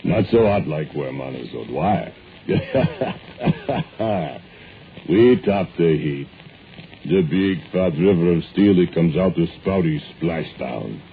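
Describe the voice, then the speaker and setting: A drunken brooding foundry killer. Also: male voice, deep voice, animated, a little hiss or hum, full character voice. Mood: confessing. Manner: broken English, slow confessional monologue. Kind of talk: 1940s radio acting. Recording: narrow-band old radio recording with music.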